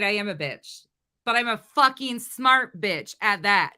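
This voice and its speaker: A woman's voice: medium pitch, lively intonation, measured pace, pushed and bright. A woman hosting a commentary channel, talking bluntly and confrontationally with lots of profanity. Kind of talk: casual reaction commentary.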